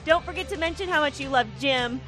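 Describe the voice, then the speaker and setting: A woman's voice: high-pitched, fairly quick, over music. A woman co-hosting a podcast, reading listener reviews aloud in a friendly way. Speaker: podcast co-host.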